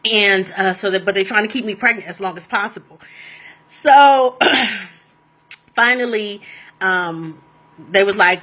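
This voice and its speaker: A woman telling a personal story in a casual, animated and rambling way, often laughing as she goes. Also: mid-range voice, unhurried, long pauses.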